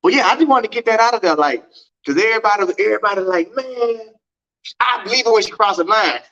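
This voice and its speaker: A man hosting a casual livestream from home, telling a story and acting out quoted dialogue with big pitch swings. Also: animated, quick pace, pushed and bright, lo-fi sound. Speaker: track and field livestream host.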